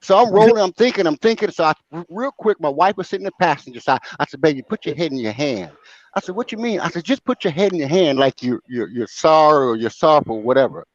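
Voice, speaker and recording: An older talk show host tells a funny story at a quick clip with few pauses, his voice a little high. He's animated, breaking into laughter and acting out voices. The recording is dry, dull, and lo-fi with no room sound.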